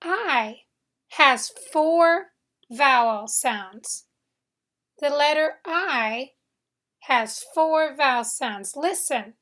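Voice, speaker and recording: A woman with a high, bright voice gives a phonics lesson at a very slow pace. She draws out each sound and repeats example words so learners can echo them. Her delivery is careful and deliberate. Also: animated. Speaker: English phonics teacher.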